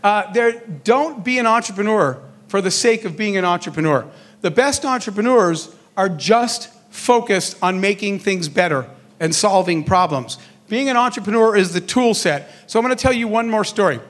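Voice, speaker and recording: A middle-aged man giving a motivational keynote talk, an animated storyteller who acts out the dialogue in his anecdotes. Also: high voice, normal speed. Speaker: keynote speaker on entrepreneurship.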